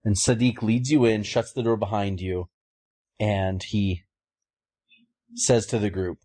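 A man's voice: lowish voice, flat delivery, measured pace, long pauses, mellow. A man narrating a tabletop game as game master, hesitant with many restarts.

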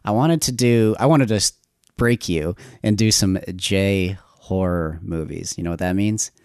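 Low-voiced male co-host, rambling and enthusiastic, dry sound. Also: unhurried, clean tone, no room sound. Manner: enthusiastic, rambling, laughs often. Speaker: podcast co-host. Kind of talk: casual chat.

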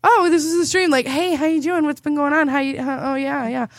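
A woman's voice: high-pitched, fairly even intonation, fairly quick, vocal fry, crowd noise. A woman co-hosting a casual chat, talking freely, laughing often and quoting what others said.

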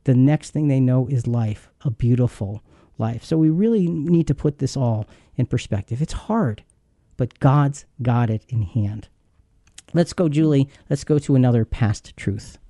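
A man's voice: mid-range voice, animated, unhurried, dark tone, no echo, clean studio sound. A man in his fifties hosting a Bible teaching show, telling a painful story in a heartfelt, earnest way. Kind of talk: earnest devotional talk.

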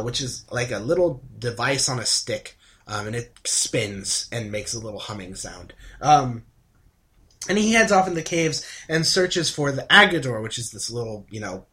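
A man co-hosting a podcast, recapping an episode in an excitable, gushing way and acting out the characters' lines. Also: a little high. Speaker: podcast co-host. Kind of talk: casual podcast chat.

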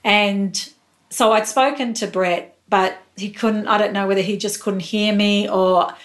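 A middle-aged woman speaks openly about her family and church life. She is candid and emotional, sometimes close to tears, in a voice of ordinary pitch. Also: steady tone, a little slow. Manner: emotional, tearful at moments, candid. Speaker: pastor's wife, interview guest. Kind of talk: personal faith story in an interview.

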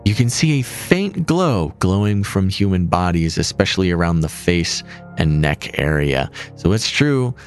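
A man's voice: deep voice, big pitch swings, unhurried, faint music behind. A man co-hosting a podcast, explaining science topics in a playful, jokey way. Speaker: podcast co-host. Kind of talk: casual podcast chat.

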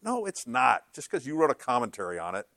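Joking pastor preaching a lively sermon. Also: male voice, mid-range voice, brisk, creaky, no echo, clean studio sound. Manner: animated, joking, acts out voices of others. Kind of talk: conversational sermon. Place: church.

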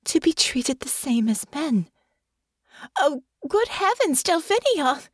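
A woman voicing Honor, a frightened, earnest young noblewoman, in a high, trembling, pleading voice in an audiobook. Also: sing-song, takes it slowly, no echo, studio quality, heavily acted. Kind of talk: audiobook character voice.

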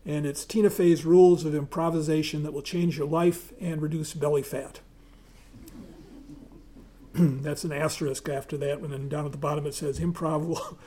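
A man giving a talk, partly reading aloud and partly speaking freely with hesitations, and often clearing his throat. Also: on the high side, mellow, slight background noise. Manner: reads aloud, then speaks with hesitations and fillers.

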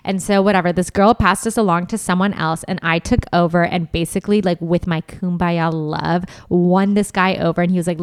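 A woman's voice: on the low side, a little fast, few pauses, smooth. A woman co-hosting a podcast in casual chat, telling stories in a bubbly way and acting out other people's voices. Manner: bubbly storyteller, acts out voices, many fillers. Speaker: podcast co-host.

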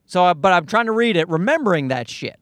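A man's voice: high voice, fast talker, no echo, studio quality. A man telling a story as a rambling, profane rant into a microphone in his car in a parking garage. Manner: profane, animated, self-interrupting.

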